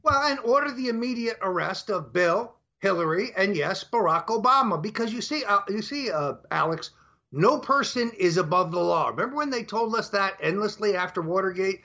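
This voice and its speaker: A man's voice: high voice, expressive, normal speed, bright, forceful tone. An older man as an interview guest, speaking emphatically and laying out his points one by one, on dull lo-fi audio. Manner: emphatic, lays out numbered points. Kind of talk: talk show interview.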